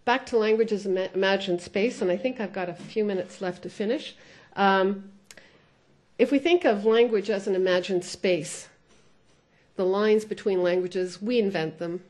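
A thoughtful woman sociolinguist delivers a conference lecture, pausing often with "uh" and drifting between English and French. Her voice is medium in pitch with a somewhat dark tone.

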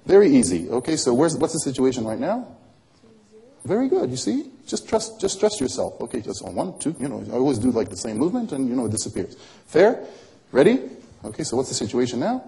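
A man runs close-up magic for a volunteer, teasing her and coaxing her with question after question. His pitch swings freely up and down. His tone is mellow and soft-edged. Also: sing-song, fast. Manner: playful, teasing patter; coaxing, asks many questions.

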